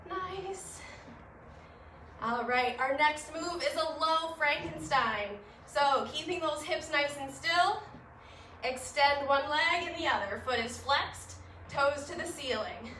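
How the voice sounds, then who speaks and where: A woman fitness instructor guiding a gentle home workout, upbeat and encouraging, a little winded, recorded in her living room. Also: high-pitched, slight background noise. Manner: upbeat, encouraging, laughs at herself. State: slightly winded. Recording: echoey room, mic at a distance.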